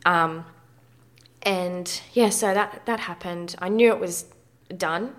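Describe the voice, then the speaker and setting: A woman in her thirties talks slowly in a lowish, slightly bright voice. She is the guest in a candid personal interview, speaking frankly and conversationally and swearing mildly.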